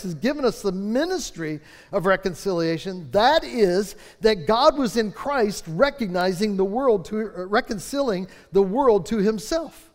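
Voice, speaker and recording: A man with a notably high voice delivers a fervent sermon, slowing and stretching his emphatic phrases. His words ring with the long reverb of a large church sanctuary. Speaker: pastor.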